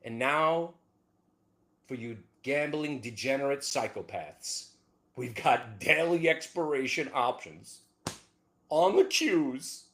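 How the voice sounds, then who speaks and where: Man, trading show host, animated, pitch leaping from mutter to shout. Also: takes it slowly. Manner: excitable, swings from low mutter to whooping shouts. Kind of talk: animated trading talk over charts.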